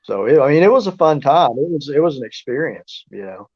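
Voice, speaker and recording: A man's voice: a little high, expressive, a little fast. Guy rambling thru a story, lots of uh and restarts, muffled lo-fi audio. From southeast Oklahoma. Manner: rambling, with many restarts and fillers. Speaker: guest, researcher and author. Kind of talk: casual storytelling interview.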